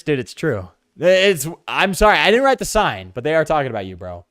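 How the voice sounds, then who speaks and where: A young man streaming a game, joking loudly with chat and reading in-game text aloud. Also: mid-range voice, very animated, a little fast, hardly any pauses, no room sound, clean studio sound. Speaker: gaming streamer. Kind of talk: casual let's-play commentary.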